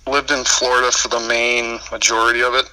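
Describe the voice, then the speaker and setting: Laid-back dude with a minnesota accent, super bright voice, laughs a lot while telling his story. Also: medium pitch, little pitch movement, brisk, rough recording. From United States. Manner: easygoing storyteller who laughs often. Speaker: guest. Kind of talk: casual chat.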